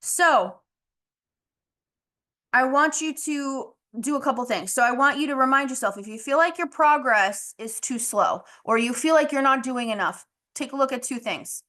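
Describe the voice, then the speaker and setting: Chatty motivational woman, slightly higher voice. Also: expressive, moderate pace, sharp tone. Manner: candid, chatty, frequent "like" and "you know", mild swearing. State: losing her voice, clearing throat. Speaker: podcast host. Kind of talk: casual motivational monologue.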